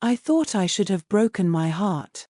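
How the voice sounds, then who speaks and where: A woman's voice: medium pitch, very animated, unhurried, warm tone, dry recording, studio quality. A woman voicing a fretful, sentimental middle-aged mother in a storybook, speaking in a lamenting way. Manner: lamenting, gushing.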